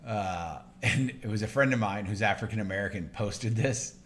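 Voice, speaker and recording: A man in casual chat as a podcast co-host, explaining things in a measured way. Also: on the low side, a little hiss or hum.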